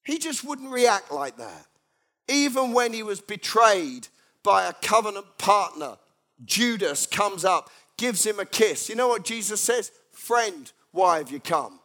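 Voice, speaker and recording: A man's voice: sits high, a little slow. A man preaching a humorous sermon, acting out everyday characters as he tells stories to a congregation. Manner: animated storytelling, acts out everyday characters.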